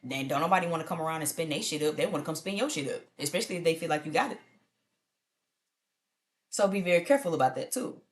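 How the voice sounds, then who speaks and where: A woman's voice: low-pitched, expressive, fast talker, pauses often. A woman giving a casual tarot reading to viewers in a blunt, profane, conversational way. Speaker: tarot reader.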